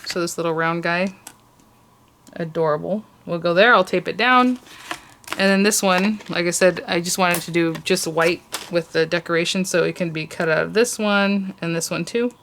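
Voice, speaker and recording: Woman, craft tutorial host, casual and gushing, gravelly voice, faint background hiss. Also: on the low side, moderate pace, a bit bright. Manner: chatty, gushing over cute details.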